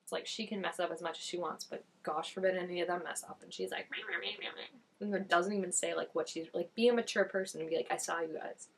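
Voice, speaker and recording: A young woman giving casual, chatty reaction commentary, expressive and quick with asides. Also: fairly low pitch, a little hiss or hum. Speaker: reaction vlogger.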